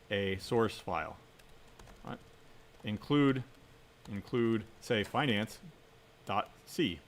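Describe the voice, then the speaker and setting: A man's voice: on the low side, animated, slow, pauses often. Guy teaching a coding class, chatty, says "right?" constantly, hammers warnings over and over. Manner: conversational, often adds "right?" as a tag question; emphatic, repeats key warnings. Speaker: university instructor. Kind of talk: recorded programming lecture with live coding.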